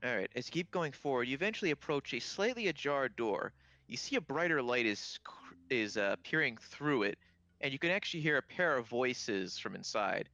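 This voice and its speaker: A man running a tabletop game as game master, describing each scene and prompting the players. His voice is bright and dry at a middling pitch. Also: animated, normal speed, dry recording, muffled recording. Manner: descriptive, asks players what they do.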